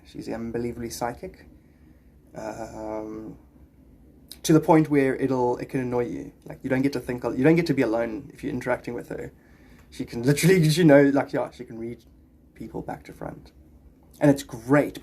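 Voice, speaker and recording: A man's voice: mid-range voice, a little mellow. Rambling, chatty man on a livestream. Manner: rambling and chatty, greets viewers by name. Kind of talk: casual livestream chat with viewers.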